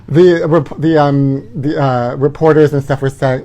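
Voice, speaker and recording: A man's voice: on the high side, fairly even intonation, measured pace, few pauses, mellow. A man hosting a live gossip show from his parents' house, talking in a sassy, campy way and calling everyone honey.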